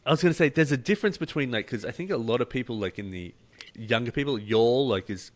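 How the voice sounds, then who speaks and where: A man's voice: medium pitch, quick pace. A man hosting a podcast, chatting casually and acting out quotes with laughter. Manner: animated storyteller, acts out quotes, laughs. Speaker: podcast host. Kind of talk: casual interview chat.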